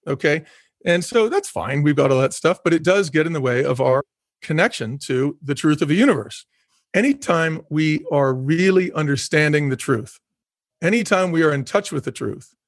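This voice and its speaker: A middle-aged former company executive, appearing as a guest, speaks earnestly in a reflective conversation. His voice is fairly high, the studio sound clean with no room sound, and he repeats phrases for emphasis and laughs easily.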